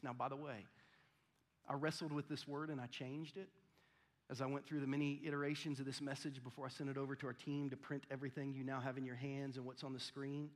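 A man's voice: on the high side, a bit bright. A man preaching a sermon in a conversational style, often acting out the voices of the people in his story. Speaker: pastor. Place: church auditorium. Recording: long church hall reverb.

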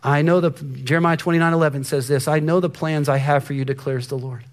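Middle-aged man, pastor, sermon storytelling, fairly high voice, soft hushed emphasis. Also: fairly even intonation, quick pace. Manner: storytelling, shifts to soft near-whisper for emphasis.

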